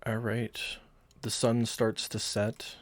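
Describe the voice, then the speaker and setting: Man, game master, tabletop game, matter-of-fact narration, low voice, dry sound. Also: monotone, slow pace, no echo.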